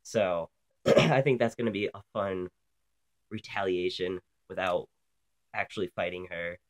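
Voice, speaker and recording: A man's voice: low-pitched, steady tone, unhurried. A young man from Canada, hosting a casual vlog while sick, talking bluntly and profanely with lots of ums. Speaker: vlog host.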